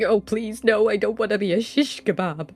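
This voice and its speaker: A woman's voice: medium pitch, normal speed, darkish tone, husky, soft background music. A woman playing in a tabletop role-playing game, cracking jokes at the table. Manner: playful, wisecracking. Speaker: player.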